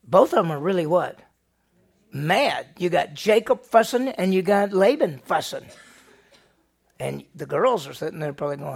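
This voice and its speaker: A man with a slightly high, gravelly voice leads a Bible study sermon. He talks with animation and keeps throwing rhetorical questions at his listeners. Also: expressive, normal speed. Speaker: Bible teacher.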